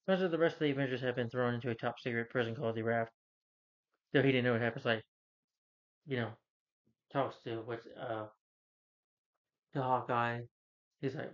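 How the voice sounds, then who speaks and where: A man's voice: medium pitch, steady tone, lo-fi sound. Rambling man recapping a movie. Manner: rambling, with many fillers, quick quoted lines of characters. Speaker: movie reviewer. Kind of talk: casual film recap.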